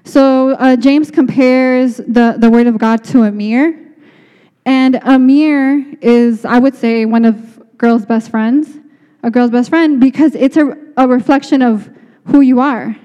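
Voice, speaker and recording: A woman's voice: high-pitched, fairly even intonation, measured pace, warm tone, smooth, dull audio. A woman giving an earnest, conversational sermon with many restarts. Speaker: speaker. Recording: long reverb of a hall.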